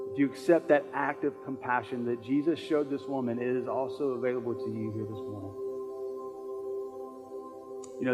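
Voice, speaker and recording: A man preaching a sermon as pastor in a church service, earnest and repeating phrases for emphasis. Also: medium pitch.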